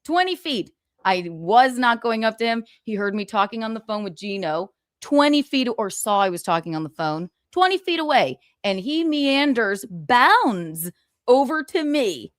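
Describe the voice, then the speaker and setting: A woman hosts her own livestream, talking in a loose, profane rant, indignant and mocking with frequent laughter. Her pitch swings widely and expressively. The sound is close and dry. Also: sing-song, moderate pace, dry recording. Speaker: livestream host. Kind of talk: casual ranting livestream chat.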